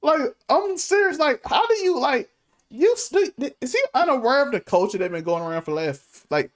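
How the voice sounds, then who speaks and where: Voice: high voice, animated, moderate pace. A podcast co-host in casual chat who talks expressively.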